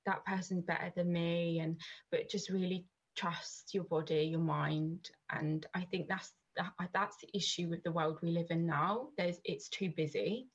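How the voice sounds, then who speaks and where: Low, husky woman in her thirties, rambling guest chat with lots of restarts, dull lo-fi recording. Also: steady tone, a little slow. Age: 30s. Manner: rambling, many restarts and fillers. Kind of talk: casual podcast chat.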